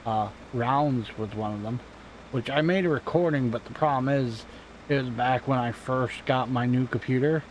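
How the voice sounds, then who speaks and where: A man talking loosely and offhandedly into a home desk mic as he plays a game. His pitch is ordinary for a man, and his talk drifts from topic to topic with the odd swear word. A faint noise runs underneath. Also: normal speed, poor audio. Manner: rambling, offhand and self-deprecating, swears casually. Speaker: gaming channel host. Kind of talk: casual gameplay commentary. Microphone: desk microphone at home.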